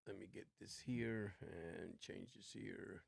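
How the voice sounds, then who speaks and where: Low gravelly man hosting a livestream. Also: slow, a little hiss or hum. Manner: rambling, laid-back. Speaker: livestream host. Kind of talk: casual watch-along chat.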